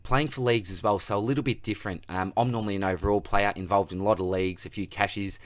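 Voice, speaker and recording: An Australian man hosting a casual Q&A that answers viewer comments, with a relaxed, matey manner, calling everyone mate and buddy. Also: lowish voice, fast talker, no echo. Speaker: fantasy football channel host.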